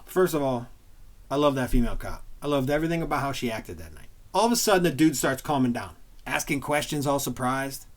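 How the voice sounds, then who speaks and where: A man's voice: medium pitch, lively intonation, fairly quick. A man who used to be a police officer, giving blunt, plain-spoken commentary on bodycam footage with a bit of street slang.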